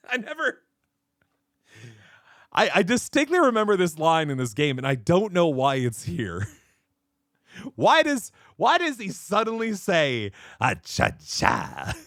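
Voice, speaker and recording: A man's voice: sits high, wildly swooping pitch, a little slow, pauses often, a bit bright, no room sound, studio quality. A man streaming a game, chatting and laughing as he comments. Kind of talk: let's-play commentary.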